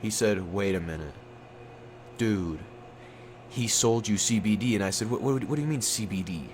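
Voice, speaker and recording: A young man telling a story in a casual, rambling, profane way, jumping up in pitch when he acts out what people said. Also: moderate pace, a little mellow, a little hiss or hum. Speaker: storytime YouTuber.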